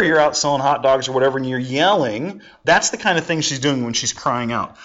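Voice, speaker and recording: A man's voice: on the high side, a little fast, hardly any pauses, fairly bright tone. A man teaching a casual Bible lesson, talking it through with rhetorical questions and everyday examples. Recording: dull lo-fi recording.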